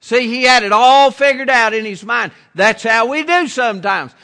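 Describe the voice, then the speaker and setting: A man preaching a sermon as pastor, slow and deliberate, repeating his phrases. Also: extremely high pitch, sharp tone, in a large hall.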